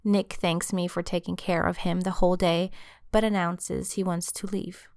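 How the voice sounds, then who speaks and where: A woman's voice: lowish voice, flat delivery, normal speed, darkish tone, dry recording, studio quality. A woman narrating her own book in the first person, in an intimate storytelling manner. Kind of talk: audiobook narration.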